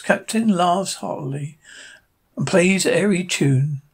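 A man's voice: fairly high pitch, slow, gravelly, breathy edge. A man reading a cartoon script's stage directions aloud, listing sound cues plainly. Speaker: fan reader.

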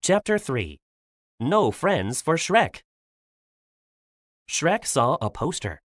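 A woman slowly and clearly reading a simple English storybook aloud for learners, with lively expression. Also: no room sound, clean studio sound. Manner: very lively pitch, raises her voice for quoted lines. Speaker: reader of a graded English storybook.

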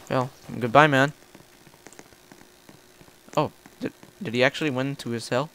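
Excitable high-voiced young gamer. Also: male voice, normal speed. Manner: excitable, yelps and repeats himself. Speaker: gameplay video host. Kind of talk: casual gameplay commentary.

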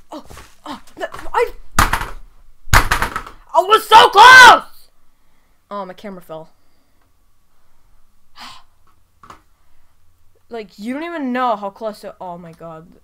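A woman commentating her own gameplay, excitable and rambling, with sudden bursts of yelling into a desk microphone. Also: mid-range voice, background noise. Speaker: gaming video creator. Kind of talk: live game commentary.

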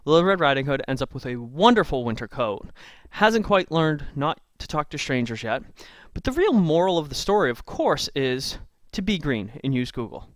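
A man's voice: on the high side, very animated, normal speed, few pauses, no echo. A man retelling a fairy tale in a chatty, playful way, full of asides, recorded on a computer mic. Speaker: storyteller. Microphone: screen recording with a computer mic.

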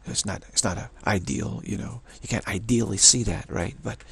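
A man's voice: on the low side, moderate pace, vocal fry, husky. A man giving a casual religious monologue, rambling and often repeating words and restarting sentences. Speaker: religious commentator.

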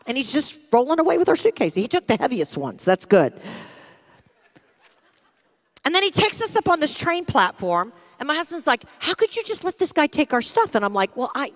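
A middle-aged American woman pastor preaching, telling a personal story with lively acted-out quotes. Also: on the high side. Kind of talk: sermon with storytelling. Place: church sanctuary. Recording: long hall reverb from a church.

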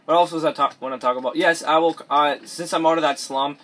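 A teenage boy with a slightly high, fairly even, bit bright male voice speaks briskly over his let's play gameplay. He rambles, restarts sentences often and mumbles asides from his bedroom, using a cheap or device mic.

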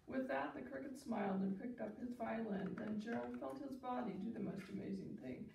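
A woman teacher reading a children's picture book aloud, expressive and asking her listeners questions along the way. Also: a little high, fairly quick, gravelly, hardly any pauses. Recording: echoey room, distant mic, faint hiss.

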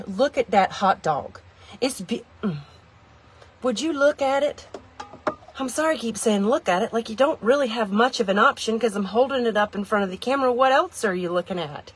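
A woman with a husky voice on the high side reviews a kitchen gadget while sitting in her car. It's a casual vlog, and she rambles to viewers with plenty of self-deprecating humor.

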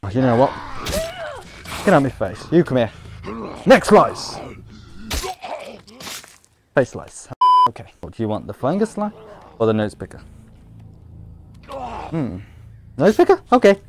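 Excitable British man yelling at game enemies. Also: mid-range voice, moderate pace, creaky, pauses often. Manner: excitable, joking, shouts and laughs at game enemies. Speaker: gaming YouTuber. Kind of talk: playing a VR game with commentary.

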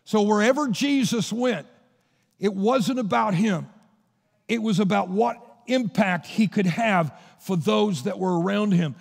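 Male pastor, high gravelly voice, storytelling sermon, long church-hall reverb. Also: measured pace. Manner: storytelling preacher retelling Bible scenes. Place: church sanctuary.

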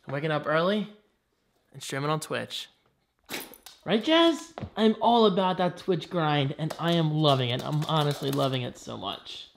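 A young man vlogs late at night with a handheld camera, wandering the yard and then the house. His voice sits slightly high for a man and keeps a relaxed, rambling rhythm. When he calls his dogs it jumps up into a bright, sing-song tone, and a faint layer of noise sits under the recording. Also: moderate pace, gravelly. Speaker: vlogger and streamer. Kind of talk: casual vlog talk to camera. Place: outdoors at night in a yard, then indoors at home.

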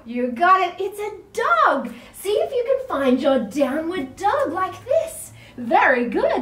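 A woman's voice: very high voice, sing-song, slow pace, few pauses, fairly bright tone, slight background noise. A woman leading a children's yoga class, playful and encouraging, making animal sounds with the children. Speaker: kids' yoga teacher. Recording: roomy sound from a distant mic.

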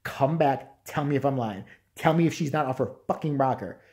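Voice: medium pitch, moderate pace, darkish tone. A vlogger ranting in a profane, mocking commentary and often laughing.

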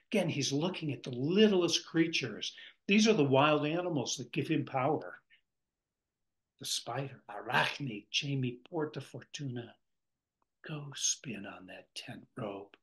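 Slow, unhurried man reading poetry. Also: mid-range voice, fairly bright tone, poor audio. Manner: reads lines slowly, then glosses them. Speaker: workshop facilitator.

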